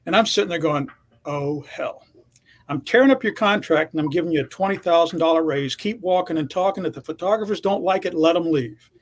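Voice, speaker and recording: A man's voice: on the high side, fairly quick. A man in his sixties, a veteran TV reporter, telling a confident, emphatic story from his career. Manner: confident, emphatic anecdote teller. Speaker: TV reporter guest. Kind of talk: storytelling in interview.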